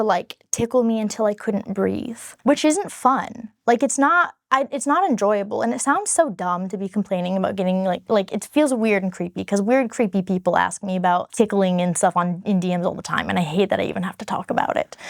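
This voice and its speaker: A woman's voice: medium pitch, no echo, studio quality. A woman speaking frankly and earnestly to camera as she tells her own story in a casual vlog. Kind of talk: candid personal storytelling to camera.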